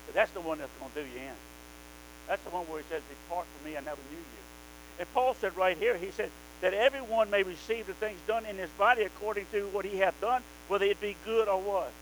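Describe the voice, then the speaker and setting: Male preacher, high voice, emphatic sermon delivery, faint mains hum behind. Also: fairly quick, poor audio. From American South. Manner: fervent, emphatic, rising to loud exhortation.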